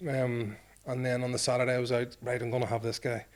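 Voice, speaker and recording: A man's voice: medium pitch, level tone, fast. A Northern Irish man in his forties tells a long anecdote in an interview. He is self-deprecating and acts out the quoted exchanges, with a voice in the middle range for a man. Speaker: former rugby player. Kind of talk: storytelling interview.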